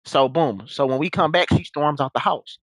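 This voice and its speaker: A man's voice: a little high, normal speed, fairly bright tone, no echo, poor audio. A young man telling a story in casual, rambling talk, full of slang and repeated restarts.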